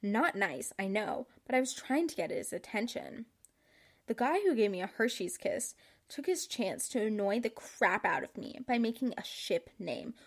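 Giggly sarcastic young woman, lively pitch. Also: normal speed. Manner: sarcastic, giggly, swearing freely. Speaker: podcast host. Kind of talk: casual chat reading old journal aloud.

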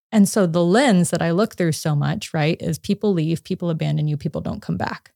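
A woman in her thirties, a psychotherapist guest on a podcast, telling a personal story in a lively way, laughing often and acting out what people said. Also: lowish voice, brisk, gravelly, few pauses, no echo, clean studio sound. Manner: animated storytelling, acts out quotes, laughs often. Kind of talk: casual podcast conversation.

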